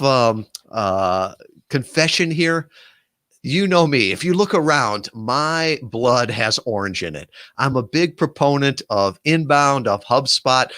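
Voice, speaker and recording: A man's voice: medium pitch, sharp tone, dry recording. Chatty male podcast host, dry close sound. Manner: chatty, rambling with fillers and restarts. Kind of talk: interview podcast.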